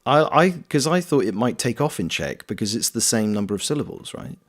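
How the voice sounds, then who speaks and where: Lively low-voiced man chatting on stream. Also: a little fast. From Wales. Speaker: streamer and voice actor. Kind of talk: casual live-stream chat while gaming, reading chat aloud.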